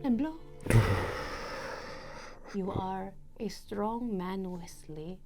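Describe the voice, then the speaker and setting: A woman voicing a warm motherly caregiver with a put-on foreign accent, coaxing and gently whispery in a tabletop role-play. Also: medium pitch, extremely slow, music in the background. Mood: soothing. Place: studio.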